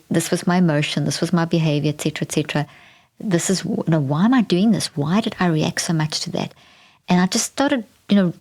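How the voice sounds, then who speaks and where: A woman's voice: lowish voice, a little mellow. A middle-aged woman hosting a podcast, telling a candid personal story in a reflective way, with frequent restarts. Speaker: podcast host.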